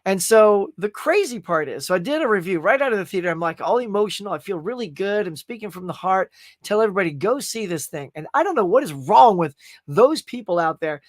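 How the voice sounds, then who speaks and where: A man hosts a relaxed pop culture podcast in a noticeably high voice. He rambles and circles back over his words, openly moved by what he is praising. The sound is dry and close with no room around it. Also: a little fast, dry recording. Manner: gushing and emotional; rambling, restarts sentences. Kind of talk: casual movie review chat.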